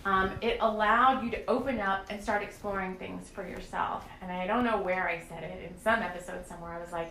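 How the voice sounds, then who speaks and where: Speaking fairly quickly with hardly any pauses, a woman hosts a spiritual podcast built on channeled talk. Her medium-pitched voice holds a steady tone as she rambles earnestly and emotionally with lots of fillers, over a faint hiss or hum, soft music, and room echo.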